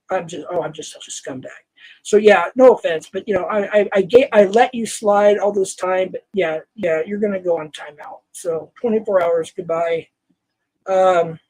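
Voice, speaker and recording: An older man hosting a livestream, scolding a viewer in a heated, halting rant full of restarts. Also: sits high, rough recording. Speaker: livestream host. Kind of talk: angry livestream rant to chat.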